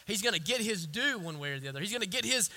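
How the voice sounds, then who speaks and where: A man delivers a sermon in a high, very bright voice. He drops to near-whispers for tender moments, then climbs into forceful, rhythmic repetitions. He often stammers and restarts his phrases. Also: lively intonation, very fast. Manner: swings from hushed to forceful repeated declarations. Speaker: pastor.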